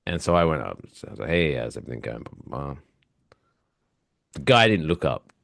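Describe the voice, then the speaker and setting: A man's voice: a bass voice, very animated, moderate pace, creaky, fairly bright tone, dry recording, clean studio sound. A young man from England with an English accent, chatting casually as a podcast co-host and acting out customers with lots of swearing. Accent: English, from east of London. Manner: swearing, acts out customers in bursts. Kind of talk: casual chat.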